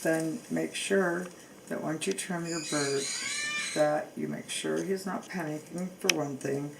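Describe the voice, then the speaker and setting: Slow, gravelly-voiced woman showing bird grooming. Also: low-pitched, fairly even intonation. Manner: slow, halting, with many restarts and fillers; coos softly to her bird. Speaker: bird owner demonstrating grooming. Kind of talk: home how-to demonstration. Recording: loud background noise.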